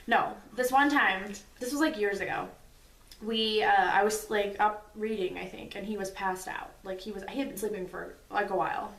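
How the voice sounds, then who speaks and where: A woman's voice: medium pitch, normal speed, far from the mic. A woman in her twenties chatting casually in a couple's question-and-answer video, telling stories with lots of "like" and frequent laughs. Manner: chatty, giggly storyteller, lots of "like". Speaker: vlogger. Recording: echoey room, away from the mic.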